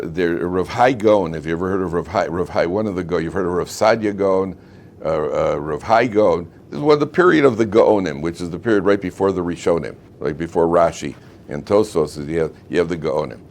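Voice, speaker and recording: A rabbi lectures his students in a classroom, moving between questions and small stories. His voice is low and animated. A faint hum sits underneath. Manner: animated, rhetorical questions, tells fables. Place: classroom with air conditioning.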